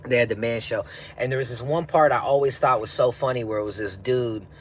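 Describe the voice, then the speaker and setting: Stoned dude rambling on his stream, slangy, laughs a lot, mid-pitched voice, bit of faint hiss behind him. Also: fairly quick. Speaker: livestream host. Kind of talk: casual livestream chat, reading comments.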